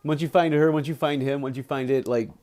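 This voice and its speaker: A man's voice: medium pitch, fairly even intonation, a little fast, a little mellow. A man streaming live, reading a book aloud with chatty, playful asides to his viewers.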